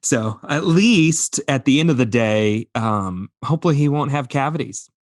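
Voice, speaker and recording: A man's voice: medium pitch, expressive, normal speed, dry recording, studio quality. A man in his thirties co-hosting a podcast, telling a family story in casual chat, acting out his toddler and laughing as he goes. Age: 30s. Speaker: podcast co-host.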